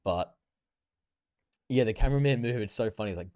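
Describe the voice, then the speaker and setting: Low-voiced profane streamer. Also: male voice, fairly quick, no echo, studio quality. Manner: loose, profane, slangy chatter with bursts of excitement. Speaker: livestreamer. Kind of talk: casual live-stream reaction commentary.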